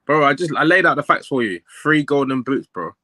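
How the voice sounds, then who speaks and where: A man's voice: mid-range voice, expressive, a little fast, pushed and bright, no echo. A young man, a guest in a casual football chat, talking emphatically and calling people bro. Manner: emphatic, keeps saying bro. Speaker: guest pundit.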